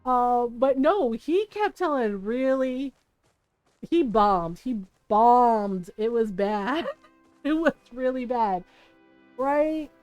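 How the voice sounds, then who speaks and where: Animated high-voiced woman streamer. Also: slow pace, no echo, faint music behind. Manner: animated, laughing, swears freely. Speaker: game streamer. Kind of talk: casual chat while playing a life-sim game.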